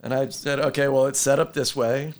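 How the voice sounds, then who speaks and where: A man's voice: mid-range voice, a little fast. A man in casual conversation, telling stories and acting out the voices of the people in them. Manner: animated storyteller who acts out quoted voices. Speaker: inventor of a firefighter rescue board.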